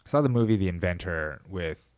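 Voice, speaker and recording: A man with a lowish voice delivers a profane, rambling solo rant. He keeps restarting his sentences and veering into asides. The sound is dry and close, with no room echo. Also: lively intonation, brisk, darkish tone, clear, resonant tone. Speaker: podcast host. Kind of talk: casual solo monologue.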